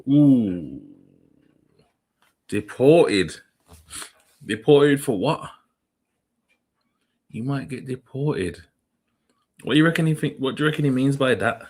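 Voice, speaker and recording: A man's voice: mid-range voice, lively intonation, takes it slowly, pauses often, a little mellow, slightly rough. A young man hosting a casual reaction livestream, talking in slang, rambling and putting questions to his chat. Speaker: livestream host.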